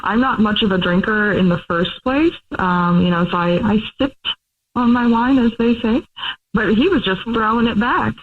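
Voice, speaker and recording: A woman's voice: on the high side, normal speed, a little hiss or hum. A woman calling in to a radio show, talking casually and hesitantly with many ums and laughs. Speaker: caller. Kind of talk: casual phone chat. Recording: phone line.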